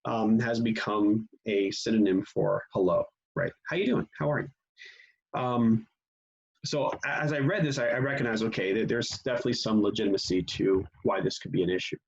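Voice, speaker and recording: A man teaching a church class on grief in a conversational manner, often pausing with fillers and restarting his sentences. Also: lowish voice, gravelly, slightly rough. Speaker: pastor. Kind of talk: teaching session. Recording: dull lo-fi sound.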